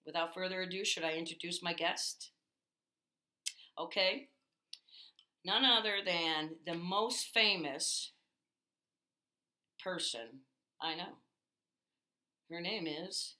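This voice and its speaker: A woman hosting a casual comedy show, chatting in a quick, rambling way. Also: on the low side, bright, forceful tone. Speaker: host.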